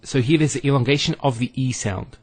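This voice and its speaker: A man teaching a recorded Arabic lesson, speaking deliberately and drawing out vowels to show pronunciation. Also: mid-range voice, breathy edge.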